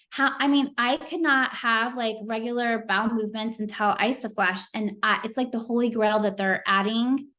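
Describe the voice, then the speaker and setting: A woman's voice: on the high side, fairly bright tone. Earnest, chatty middle-aged woman. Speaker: team leader speaking on a sales call. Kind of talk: motivational team call talk.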